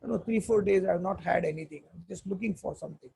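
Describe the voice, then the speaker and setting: A man's voice: sits high, fast talker, vocal fry, dark tone, husky, exaggerated voice. A man voicing a starving, wiry male jungle dog who values his freedom. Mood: weary, proud. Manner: weary, then firm and proud.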